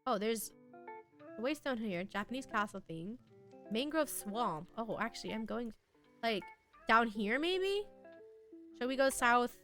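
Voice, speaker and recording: A woman's voice: on the high side, lively intonation, measured pace, long pauses, pushed and bright. A young woman chatting casually with her viewers while playing a game on a livestream, giggly and talkative. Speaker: streamer. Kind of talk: casual gaming livestream chat. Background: game music.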